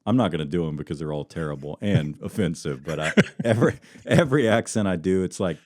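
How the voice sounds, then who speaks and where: Casual podcast host, male, low voice, rambly and laughing, dry close sound. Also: expressive, fast, darkish tone, dry recording. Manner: rambling, laughs often, trails off. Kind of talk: casual chat.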